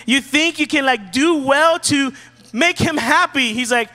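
High-voiced casual preacher in a reverberant hall. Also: male voice, moderate pace, sharp tone. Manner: casual, joking preacher who acts out quotes. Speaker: pastor. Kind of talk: sermon.

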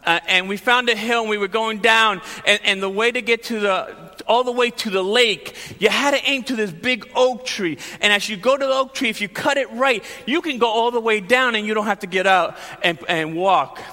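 A man from Long Island preaching a sermon, telling lively personal stories and acting out the shouting scenes. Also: high voice, moderate pace, big-room sound. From Long Island, New York. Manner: animated storyteller, acts out shouting scenes.

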